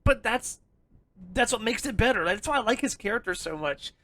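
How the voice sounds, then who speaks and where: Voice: mid-range voice, lively intonation, brisk, fairly bright tone, no room sound. A podcast co-host in loose, casual conversation, rambling and swearing freely and laughing often. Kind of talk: casual chat.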